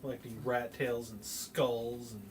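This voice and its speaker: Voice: medium pitch, level tone, a little slow. A game master chatting on a stream, teasing and playfully exasperated. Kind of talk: casual chat. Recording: loud background noise.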